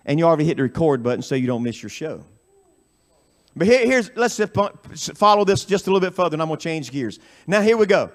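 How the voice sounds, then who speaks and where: A man preaching a camp meeting sermon, swinging from quick, low asides up into chanted, shouted peaks. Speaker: pastor. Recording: radio broadcast of live sermon.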